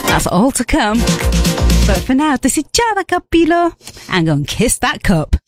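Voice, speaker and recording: A woman's voice: high voice, sing-song, normal speed, over music. A woman from Birmingham, England hosting a radio show in a bubbly, playful, rambling way, full of slang, chatting casually from a studio. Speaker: radio host.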